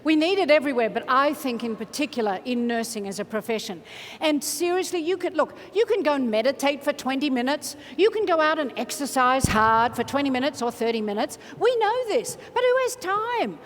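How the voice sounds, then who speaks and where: A woman motivational speaker, giving an energetic, playful keynote in a large conference hall and leading the crowd in chants. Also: sits high, fairly quick, a little hiss or hum. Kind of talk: keynote speech to a large audience. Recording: reverberant hall from a stage mic.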